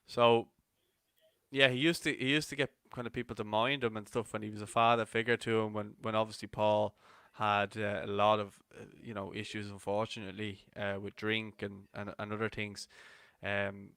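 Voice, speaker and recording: An Irish man co-hosting a live football watch-along, chatting casually and telling animated anecdotes. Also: fairly low pitch, moderate pace, clean tone, no room sound, clean studio sound. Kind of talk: casual chat.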